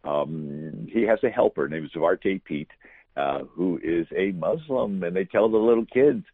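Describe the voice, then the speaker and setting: A man telling history at length as an interview guest, with a husky voice and many fillers. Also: deep voice, lively intonation, a little slow, no room sound. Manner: fluent, explanatory, many fillers. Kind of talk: storytelling interview answer. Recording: phone-like line.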